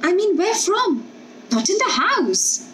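A woman's voice: very high voice, big pitch swings, takes it slowly, fairly bright tone, a little hiss or hum, voice pushed up, full character voice. A woman doing a blunt old snake catcher.

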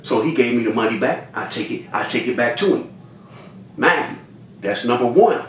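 A man telling a story in an animated way, addressing his listeners directly and acting out other people's lines. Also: normal speed. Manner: talks straight to listeners, repeats cues to remember; acts out other people's lines with big pitch jumps. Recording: roomy sound from a distant mic with faint noise.

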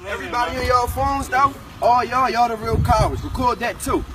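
A man's voice: very high-pitched, steady tone, a little fast, background noise. A man on a city street urgently lecturing a group of teenagers in repetitive slang, recorded from a distance. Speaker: passerby addressing teenagers.

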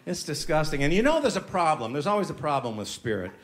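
A man's voice: fairly high pitch, very animated, quick pace. A man performing a stand-up comedy set, telling a story with punchy delivery and mocking voices, recorded live in a comedy club. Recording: live club recording with audience laughter and noise. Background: audience laughing.

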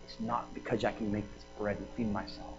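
A man's voice: fairly low pitch, level tone, fairly quick, muffled recording. Chatty male pastor preaching, music behind. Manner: conversational, laughing asides, frequent fillers. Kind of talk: sermon. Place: church prayer house.

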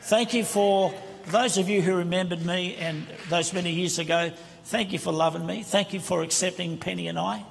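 Impassioned high-voiced preacher with gravelly edge. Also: male voice, fairly even intonation, normal speed, a little hiss or hum. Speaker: guest preacher. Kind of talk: sermon. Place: large church sanctuary. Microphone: handheld microphone. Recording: reverberant church hall with congregation.

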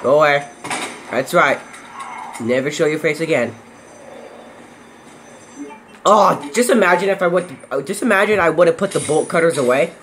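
A young man talks through a horror game in a casual, rambling way, breaking into yelps when something jumps at him. His voice sits high and sounds bright. A faint hiss runs under the recording. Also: animated, a little fast. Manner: jumpy, yelps and shouts when startled. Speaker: gameplay commentator. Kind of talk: casual let's-play commentary.

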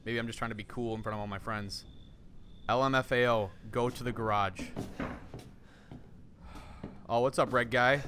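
Excitable swearing male game streamer. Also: mid-range voice, moderate pace, long pauses, a little hiss or hum. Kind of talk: live gameplay commentary. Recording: voice over game music. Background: game music.

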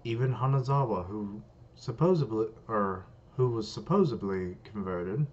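A man's voice: on the low side, normal speed, darkish tone, natural voice. A man voicing a smug, scheming male spirit, reading comic dialogue aloud in a coaxing, persuasive way. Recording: dull lo-fi, faint hiss.

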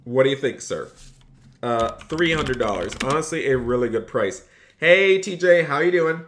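A man's voice: mid-range voice, lively intonation, moderate pace, a little hiss or hum. A man live-streaming a game role-play as a phone store clerk, with upbeat salesman patter, repeating his lines and thanking his chat in between.

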